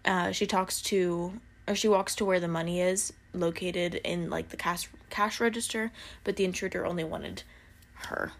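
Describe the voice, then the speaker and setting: A woman's voice: on the low side, steady tone, moderate pace. A young woman talking casually and telling a true crime story, rambling and tripping over her words in a groggy morning voice, recording on a phone in a basement. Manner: chatty, rambling, self-deprecating, often stumbling over words. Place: home basement.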